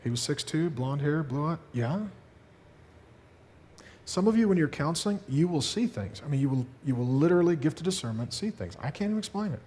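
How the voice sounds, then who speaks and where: A man's voice: a little high, lively intonation, a little fast, a little mellow, in a large hall. A man preaching a sermon, telling stories and acting out quoted dialogue. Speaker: pastor. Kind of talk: sermon to a congregation.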